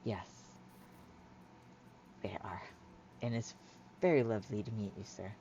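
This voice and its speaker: A woman's voice: rumbling low, measured pace, mellow, pitched below the performer's own voice. A woman voicing an awkward, shy young woman with a tail who stammers nervously, on a slightly muffled recording with faint hiss.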